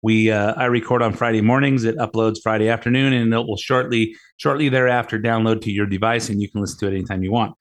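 A man's voice: fairly low pitch, flat delivery, fast, hardly any pauses. A middle-aged man hosting a talk radio show, rambling in a casual monologue, often repeating words and retelling conversations with emphasis. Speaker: radio show host and mortgage lender.

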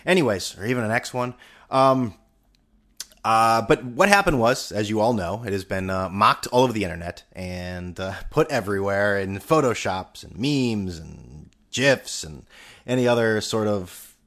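A man's voice: on the low side, expressive, moderate pace, a bit bright. A young man hosting a podcast, talking in a rambling, sarcastic and profane monologue. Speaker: podcast host. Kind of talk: casual monologue.

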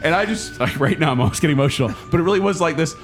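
A man's voice: fairly high pitch, animated, rapid-fire, soft background music. A man co-hosting a casual podcast chat, earnest and openly emotional as he talks. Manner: earnest, emotional, reads passages aloud. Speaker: podcast co-host.

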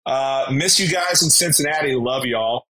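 A man co-hosting a laid-back podcast from a remote call. His voice is bright and forceful, sitting at a middling pitch. He tells stories with animated, blunt energy and swears freely. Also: moderate pace, low-quality recording. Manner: animated storyteller, blunt and profane. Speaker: podcast co-host. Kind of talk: casual podcast chat.

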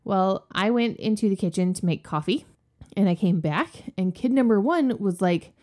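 A woman in her thirties, a podcast cohost, chatting casually and telling stories in an animated way. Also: medium pitch, normal speed. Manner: animated storyteller. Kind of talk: casual chat.

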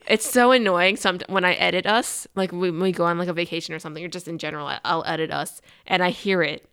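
Young woman podcast co-host, smooth low-set voice, rambling and chatty. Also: steady tone, fast talker, a bit bright. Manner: chatty, rambling, many "like" fillers. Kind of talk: casual movie recap chat.

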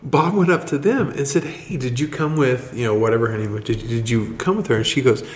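Man, podcast co-host, halting and excited storyteller, mid-pitched, roomy echo. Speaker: podcast co-host, church member. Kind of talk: casual storytelling chat.

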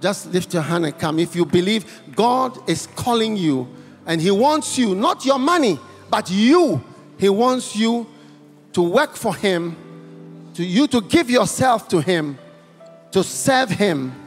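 Male preacher, altar call, repetitive and pleading, long church reverb with soft music behind. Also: high voice, lively intonation, takes it slowly. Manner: repetitive, exhorting, speaks in tongues. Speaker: guest preacher. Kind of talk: impassioned altar-call sermon. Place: large church hall.

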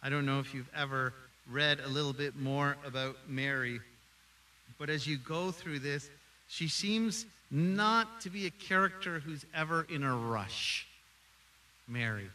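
A middle-aged man preaching a sermon as pastor, animated, acting out quoted voices. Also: a little high, unhurried, distant mic, slight background noise, poor audio.

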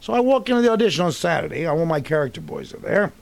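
In a dry recording, an actor in his sixties talks fast in a creaky voice on the high side. He's a guest in a casual interview, animatedly rambling through anecdotes about his career and restarting now and then.

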